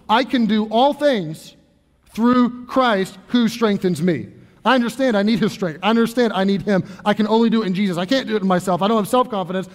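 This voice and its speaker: A man's voice: high-pitched, in a large hall. A male pastor in his thirties preaching a sermon in an earnest, conversational way, often restarting his sentences. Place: church sanctuary.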